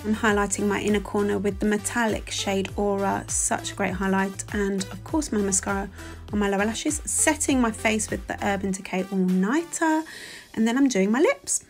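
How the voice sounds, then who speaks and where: A woman's voice: mid-range voice, normal speed. Woman, 40s, London accent; chatty, self-deprecating tutorial voice-over over faint music. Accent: London English. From England. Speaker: beauty vlogger.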